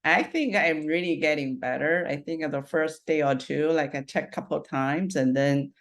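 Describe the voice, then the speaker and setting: A woman with a low voice co-hosts a casual podcast chat. She thinks out loud about her own worries. She laughs lightly between her thoughts. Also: moderate pace. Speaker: podcast co-host.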